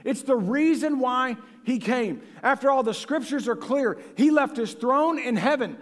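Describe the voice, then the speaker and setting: A man, likely in his thirties, preaching a sermon as pastor in a folksy, animated way that sometimes sinks to a hush. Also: very high voice. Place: church sanctuary. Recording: long hall reverb.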